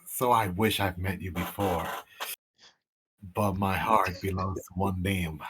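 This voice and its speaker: A man voicing a courtly male adventurer, speaking slowly and earnestly in a deep, low voice. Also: a bit bright, a little hiss or hum, low-quality recording.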